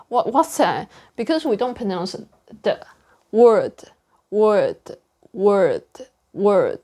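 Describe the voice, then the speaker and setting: A woman who is not a native English speaker leads a casual pronunciation practice. She talks at an unhurried pace and sounds out each word deliberately. Her voice sits in an ordinary middle pitch. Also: darkish tone. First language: non-native English speaker. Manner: speaks slowly and deliberately, over-articulating word endings. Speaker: pronunciation learner sharing lessons. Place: indoor room with a whiteboard. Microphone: camera close to the face.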